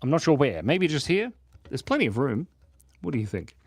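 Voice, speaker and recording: A chatty man doodles live for his viewers, rambling and joking as he draws. His voice bounces around with a lively, sing-song lilt. The sound is dry and close, with no room echo. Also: mid-range voice, a little fast, slightly rough. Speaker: live-streaming artist. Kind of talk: casual livestream chat while drawing. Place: home studio in Australia.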